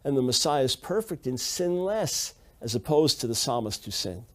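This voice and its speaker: A man's voice: medium pitch, very animated, normal speed. A man giving a Bible teaching lecture, reading Hebrew passages aloud and driving his points home by repeating them emphatically. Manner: emphatic, repeats key phrases.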